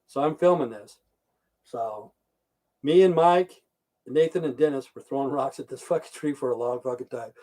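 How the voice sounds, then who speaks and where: A middle-aged man chatting casually on a live stream, rambling through stories and swearing constantly. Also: medium pitch. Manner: reads out chat viewer names. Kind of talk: rambling casual livestream chat.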